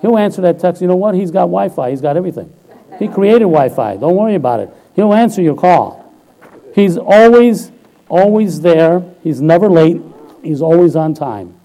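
A man preaching a casual, conversational sermon to a congregation. His tone is very dark and mellow. He keeps checking in with his listeners and swells louder and higher when he urges them on. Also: big pitch swings, a little fast, creaky, low-quality recording. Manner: informal, chatty preaching with frequent "all right?"; rises loud and high on quoted voices and exhortations.

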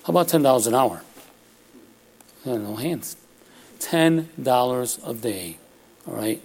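A man preaching a sermon with a gravelly edge to his voice. He talks in a loose, conversational way, often pausing to ask his listeners "all right?" His pitch sits in an ordinary middle range for a man, neither high nor low. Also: expressive, darkish tone.

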